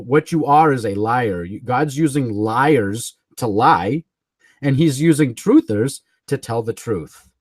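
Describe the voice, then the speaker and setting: A man rants through a livestream in a combative, mocking tone, cursing and chuckling as he goes. His pitch swings widely and freely. The recording is close and dry. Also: no echo. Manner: combative and mocking, swearing, chuckling between jabs. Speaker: livestream host. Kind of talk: ranting livestream commentary.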